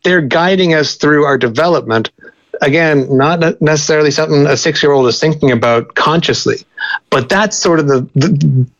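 Male expert guest, measured and explanatory, many self-corrections, slightly dull audio. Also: on the high side. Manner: thoughtful, many restarts and repeated words. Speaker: linguist guest.

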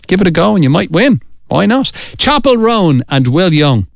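A man's voice: sits high, normal speed, gravelly, dry recording, studio quality. Upbeat Irish male radio presenter. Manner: energetic, salesy, repeats key details. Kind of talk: upbeat radio competition promo. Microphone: studio mic, dry.

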